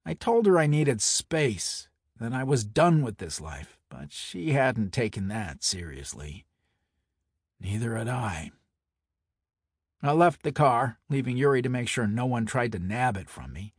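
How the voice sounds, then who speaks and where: A man narrating a first-person story in a measured, wry, hard-boiled manner. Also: medium pitch, slightly rough, dry recording, studio quality.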